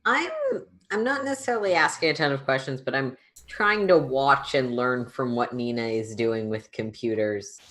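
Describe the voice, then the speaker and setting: Female player, very low register, relaxed wry delivery. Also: normal speed. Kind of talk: casual game chat.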